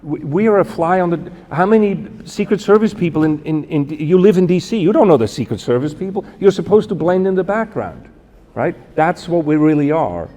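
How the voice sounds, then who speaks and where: A man in his fifties from Switzerland, telling a personal story as a guest speaker, halting and correcting himself with many fillers. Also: fairly high pitch, very animated, dark tone. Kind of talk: storytelling talk. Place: church event hall. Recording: long hall reverb.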